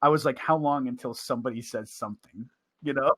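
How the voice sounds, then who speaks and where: A man co-hosting a casual podcast tells a story and laughs often, speaking into a headset mic while wearing big headphones. His mid-range, slightly bright voice runs a little fast, and the recording is dry and studio quality.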